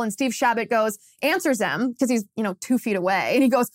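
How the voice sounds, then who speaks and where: A woman's voice: fairly high pitch, no room sound. Chatty woman podcast host, dry close mic. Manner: chatty storytelling, laughs often, quick restarts. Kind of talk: political commentary monologue.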